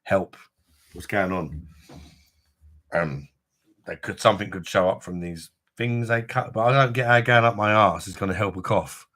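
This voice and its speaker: A man's voice: lowish voice, brisk, pushed and bright. A man chatting casually on a live stream, rambling and swearing freely, with a chesty cough from an infection. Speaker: livestream host.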